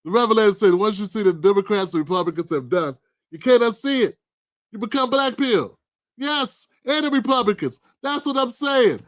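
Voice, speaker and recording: A man hosting his own political commentary livestream, talking in an animated, preachy, colloquial way. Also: sits high, normal speed, no echo, studio quality. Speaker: livestream host.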